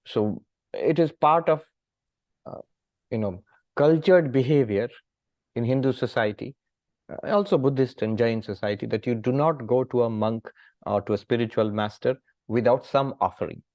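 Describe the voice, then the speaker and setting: A middle-aged man from India, a monk calmly explaining scripture with gentle humor and frequent pauses. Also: medium pitch, no echo. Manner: calm, gently humorous teaching with many pauses. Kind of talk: scripture lecture.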